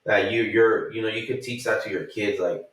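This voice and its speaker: A man's voice: fairly low pitch, steady tone, normal speed, fairly bright tone. A man chats loosely on a podcast, swearing freely and acting out what others said. He sits back from the mic, so his voice comes through distant. The room around him is very echoey. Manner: swearing, storytelling with acted quotes. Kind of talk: casual chat.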